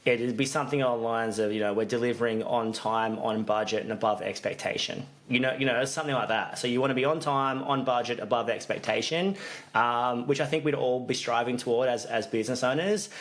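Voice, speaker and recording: A mid-pitched man talks business on a podcast. He rambles in casual chat, doubling back and restarting his sentences as his thoughts run on. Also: quick pace, fairly bright tone. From Australia. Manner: rambling, with frequent restarts and fillers. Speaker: podcast co-host, business coach.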